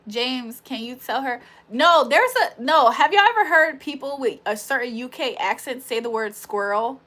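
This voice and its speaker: A woman's voice: high-pitched, lively intonation, normal speed, pushed and bright. A young woman hosting a live stream in casual chat, laughing often and talking to her viewers as y'all. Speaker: livestream host.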